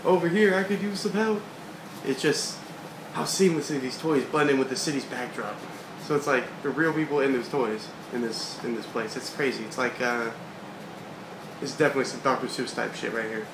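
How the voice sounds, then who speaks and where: A comic read-along host with a mid-range voice reads a comic aloud a little fast, his intonation fairly even. He comments casually in a laid-back, slangy way. The room is echoey, with background hiss.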